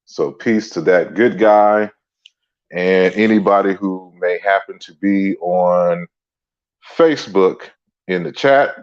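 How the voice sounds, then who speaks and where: A man hosting a relaxed livestream lecture, greeting viewers by name as he talks. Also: deep voice, takes it slowly, muffled recording. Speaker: livestream host and author. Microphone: computer mic on a stand.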